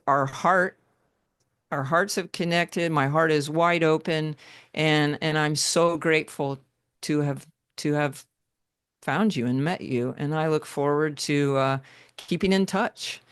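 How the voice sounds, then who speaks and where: A woman's voice: low-pitched, fairly even intonation, slow, clean tone, dry recording, studio quality. A woman speaking as a guest on a video call, heartfelt and rambling with restarts. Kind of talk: casual conversation.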